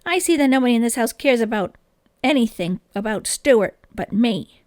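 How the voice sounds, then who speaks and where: A woman reading aloud and voicing an eager, impulsive boy who speaks loudly and insistently. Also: on the high side, lively intonation, normal speed, no room sound, studio quality, lightly acted. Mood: sulky.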